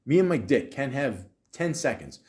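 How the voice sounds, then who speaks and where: A male podcast host riffs through a long anecdote in a loose, chatty monologue. He swears freely, jokes crudely and keeps restarting his sentences with "like" and "you know." His voice sits at an ordinary male pitch. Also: sing-song, normal speed, a little mellow. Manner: profane, rambling, jokey, many fillers and restarts. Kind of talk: casual storytelling monologue.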